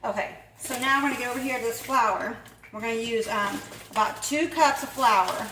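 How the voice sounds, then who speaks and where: A woman's voice: fairly high pitch, normal speed, bright, forceful tone, far from the mic. A woman hosting a casual home cooking vlog, chatty and rambling, often laughing. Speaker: home cook and channel host. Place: home kitchen. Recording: echoey room, voice off-mic, faint noise.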